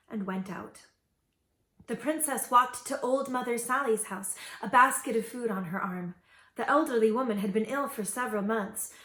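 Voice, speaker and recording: Woman reading a fairy tale aloud. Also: fairly high pitch. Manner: expressive, gentle storytelling. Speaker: storyteller. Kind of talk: children's story reading. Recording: echoey room.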